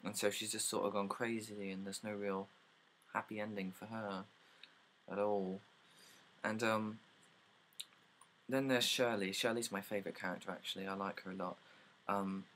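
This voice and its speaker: A man's voice: fairly low pitch, fairly bright tone, a little hiss or hum, rough recording. A young man casually summarizing plays, rambling with lots of likes and ums and casual swearing.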